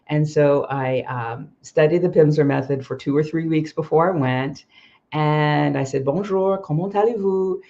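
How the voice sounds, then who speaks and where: A woman with a low, gravelly, warm voice and fairly even intonation speaks unhurriedly, telling personal stories in a chatty way full of ums and self-corrections. She hosts a livestream and works as an expat coach, and the slightly muffled audio comes from the stream itself.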